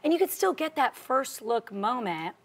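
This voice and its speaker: A woman's voice: on the high side, big pitch swings, normal speed, slightly rough. A woman co-hosting a local TV talk show, chatting casually and self-deprecatingly, often trailing off mid-sentence. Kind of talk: casual chat.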